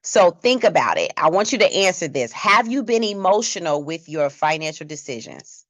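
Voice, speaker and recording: A woman's voice: lowish voice, big pitch swings, normal speed, a bit bright, no room sound. A woman teaching a church Bible class in a conversational way, asking the class questions.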